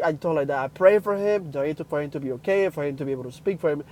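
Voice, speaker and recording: A young man telling a personal story in a casual livestream, excitedly acting out the people in it. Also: fairly high pitch, quick pace, hardly any pauses, a little hiss or hum, low-quality recording. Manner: excitable, acts out quotes loudly. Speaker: livestream host.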